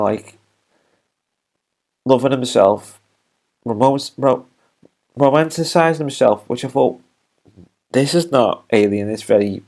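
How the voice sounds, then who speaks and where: A man's voice: fairly low pitch, a little mellow. A man casually reviewing a TV episode, retelling the plot in a rambling way with many restarts and fillers.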